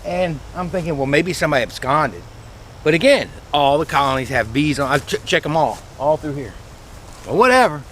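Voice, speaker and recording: A man, a beekeeper telling a rambling, folksy story outdoors in his bee yard, his voice a little squeaky from the dry air. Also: lively intonation, a little fast, slight background noise. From Louisiana, USA. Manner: chatty, folksy, rambling with restarts. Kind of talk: casual vlog storytelling.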